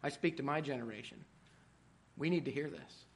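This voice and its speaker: A middle-aged man preaching a sermon, swinging from quiet asides to loud, emphatic peaks. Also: medium pitch, a little fast.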